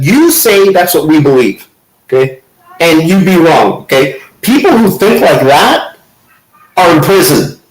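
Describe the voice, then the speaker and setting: Brief: male host, sarcastic mocking commentary, very unhurried delivery. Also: a little high, echoey room, rough recording. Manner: mocking, sarcastic, keeps saying okay. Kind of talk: commentary over clips.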